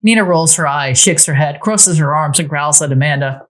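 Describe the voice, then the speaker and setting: A woman's voice: low-pitched, moderate pace. A woman narrating a story told through a life-simulation game, reading scene descriptions aloud.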